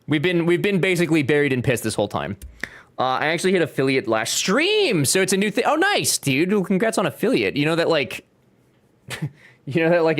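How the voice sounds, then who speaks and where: A young man chatting casually while streaming a game, joking and reading chat aloud. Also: medium pitch. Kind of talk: casual gameplay livestream chat.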